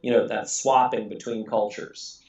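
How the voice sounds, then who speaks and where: A man's voice: fairly low pitch, flat delivery, unhurried, darkish tone. A man raised in England rambles through a casual podcast chat, full of fillers and restarts. He sits away from the mic in a roomy, echoing space, and the sound is a little dull. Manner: rambling, many fillers and restarts, laughs often. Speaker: podcast host. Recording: echoey room, distant mic, dull audio.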